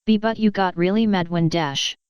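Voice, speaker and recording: A woman's voice: medium pitch, normal speed, a little mellow, smooth, no room sound, highs cut off, close to an everyday voice. A woman voicing a timid, tearful young pony filly who stammers and pleads.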